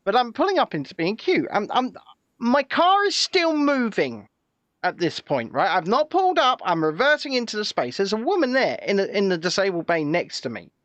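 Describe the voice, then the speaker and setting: A man co-hosting a casual live show, telling stories in an animated way and often repeating words as he goes. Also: sits high, moderate pace, no room sound, muffled recording. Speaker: co-host. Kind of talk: casual live-stream chat.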